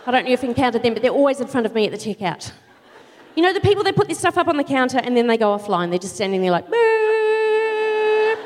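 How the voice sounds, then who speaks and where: A middle-aged New woman does stand-up on a theatre stage, her high voice swooping all over the place as she rants in exasperation and bursts into shouts. The sound carries a long hall reverb from the big room. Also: big pitch swings, very fast. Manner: exasperated ranting with sudden shouted outbursts. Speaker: co-host doing stand-up. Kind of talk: live stand-up comedy.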